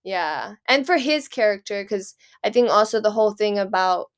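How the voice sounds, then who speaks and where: A woman's voice: mid-range voice, expressive, moderate pace. A woman co-hosting a casual podcast, explaining her ideas thoughtfully with plenty of "like" fillers. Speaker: podcast co-host. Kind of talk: casual chat.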